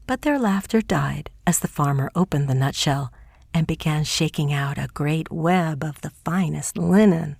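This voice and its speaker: A woman narrating a folk tale audiobook in a soft, hushed, scripted reading. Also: sits low, moderate pace, vocal fry, slightly rough, no room sound, clean studio sound.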